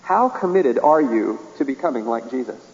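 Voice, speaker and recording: A man's voice: medium pitch, expressive, moderate pace, a little mellow, long reverb tail, muffled recording. A man preaching a sermon in a folksy way, chuckling often and acting out little dialogues.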